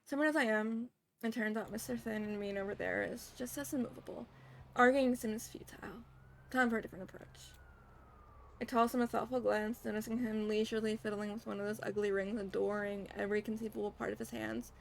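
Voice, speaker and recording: A woman's voice: mid-range voice, steady tone, fairly quick, gravelly, a little hiss or hum. A young woman streaming a game, reading the story aloud in first person and dropping casual asides.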